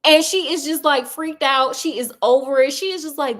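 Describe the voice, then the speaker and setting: High-voiced chatty woman storyteller. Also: moderate pace. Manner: chatty, sassy asides, laughs often. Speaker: storyteller host. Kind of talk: casual storybook retelling.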